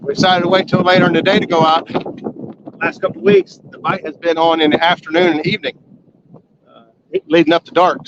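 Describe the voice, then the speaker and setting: A man hosting a casual live fishing stream from a boat on a river, folksy and excitable, whooping when a fish is released. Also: sits high. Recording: lo-fi outdoor stream with boat noise.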